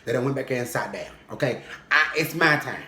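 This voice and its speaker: A young man telling a funny personal story in casual vlog style, animated and comic, often checking in with "okay?". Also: mid-range voice, fairly quick. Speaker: vlogger. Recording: roomy echo.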